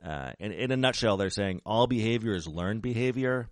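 A man hosting a talk show, explaining ideas in a measured, lecturing way with frequent ums and restarts. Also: on the low side, animated, no room sound, clean studio sound. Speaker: podcast host, criminologist.

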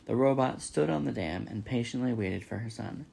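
A man's voice: medium pitch, moderate pace, gravelly, hardly any pauses, slightly rough. A man reading a children's novel aloud, narrating steadily. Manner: steady storytelling. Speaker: reader.

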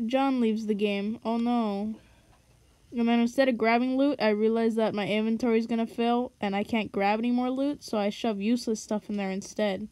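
A woman's voice: fairly high pitch, a little mellow, no echo. Jokey woman narrating gameplay, music behind. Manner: jokey, self-mocking, dramatic asides. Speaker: gaming video narrator. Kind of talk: casual gameplay commentary. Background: background music.

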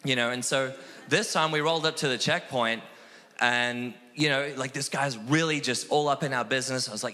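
Bright-voiced man telling stories. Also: medium pitch, a little fast. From Australia. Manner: animated, acts out quoted voices, self-deprecating. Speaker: missionary guest. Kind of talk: casual storytelling interview. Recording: long hall reverb.

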